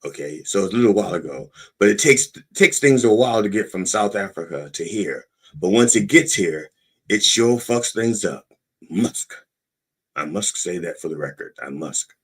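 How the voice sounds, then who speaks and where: A man as a middle-aged podcast host with a low, slightly husky voice that rises and falls in wide, lively swings. He reads news aloud, then breaks off into profane, sarcastic asides with a mock-preacher flair. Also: moderate pace. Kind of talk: irreverent satirical commentary.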